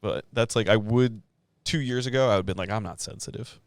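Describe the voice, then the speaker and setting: A man's voice: medium pitch, a little fast, no echo. A man co-hosting a casual podcast, telling stories in a swearing, worked-up way with lots of fillers. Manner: swearing, heated storytelling with many fillers. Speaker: podcast co-host.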